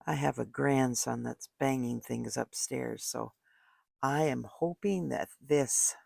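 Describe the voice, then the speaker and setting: Thinking out loud as she crafts a card, an older woman gives a casual tutorial from her home craft room. She speaks slowly in a rumbling low, gravelly, husky voice with a darkish tone, recorded dry and at studio quality on a desk mic.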